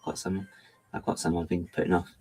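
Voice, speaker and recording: While building with LEGO on a livestream, a middle-aged man chats casually in a deep, slightly mellow voice, level in tone and a little fast. He rambles and keeps interrupting himself to apologise, and the low-quality recording has slight background noise.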